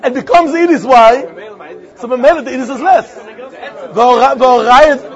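A man's voice: very high voice, moderate pace. A man teaching a Talmud lesson, repeating phrases and posing and answering his own questions. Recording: dull lo-fi recording with faint crowd.

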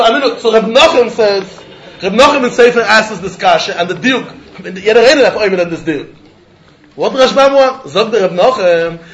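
A man giving an animated Talmud lesson, asking and answering questions as he works through the text. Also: extremely high pitch, echoey room, low-quality recording. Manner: animated, questioning, mixing Yiddish and Hebrew terms. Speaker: Talmud teacher.

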